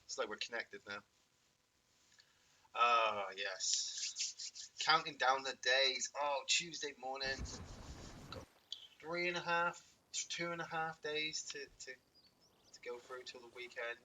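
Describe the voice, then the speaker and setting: A man's voice: mid-range voice, slow, pauses often, sharp tone. A man casually chatting and joking while streaming a video game, rambling and swearing freely. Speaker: game streamer and podcast host. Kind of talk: casual gameplay stream chat. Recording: distant mic with clear background noise.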